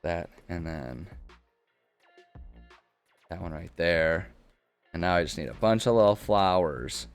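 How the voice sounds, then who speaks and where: Low-voiced guy streaming, chatty and cheerful, easy to please, bit of music in the back. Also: slow, long pauses, clean tone. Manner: cheerful, chatty and easily delighted. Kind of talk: casual live-stream chat while building.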